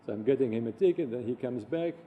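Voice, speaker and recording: A man recounting personal anecdotes in an animated way, acting out the voices of the people he quotes. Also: mid-range voice, quick pace, narrow, tinny audio, noisy background.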